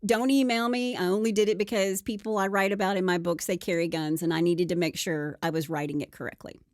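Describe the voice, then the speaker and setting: A woman's voice: fairly low pitch, fairly even intonation, quick pace, no echo, studio quality. A woman co-hosting a podcast, telling a true crime story casually and acting out the quotes with playful voices.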